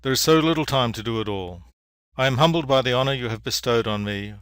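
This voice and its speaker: A man, an engineering professor, giving a public award lecture in a measured, dry storytelling manner. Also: mid-range voice, fairly bright tone, smooth, no room sound. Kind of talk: public lecture with a told fable. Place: lecture venue.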